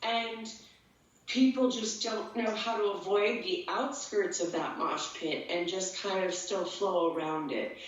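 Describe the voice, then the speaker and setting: Speaking to an interviewer in casual conversation, a woman who is an empath and tattoo artist rambles earnestly and grows emotional as she explains herself. Her medium-pitched voice keeps a measured pace. She sounds far from the mic in a very echoey room, with dull, lo-fi audio.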